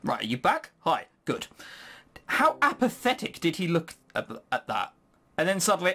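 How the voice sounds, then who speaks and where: A let's-player comments on a visual novel with a dry, sarcastic wit and laughs at its oddities. The voice swings a great deal in pitch from one phrase to the next. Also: very animated, fairly quick, sharp tone. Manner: wry, sarcastic, laughs at the game. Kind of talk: gameplay commentary.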